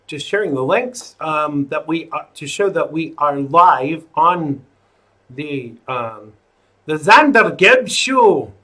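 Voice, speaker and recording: A man hosts his livestream in a loose, rambling way, tossing out jokes and asides to viewers. He talks at an unhurried pace, and his voice sits slightly high for a man. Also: expressive, pushed and bright. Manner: rambling, jokey, chatty asides. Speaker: host of a live online talk show. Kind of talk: casual livestream chat.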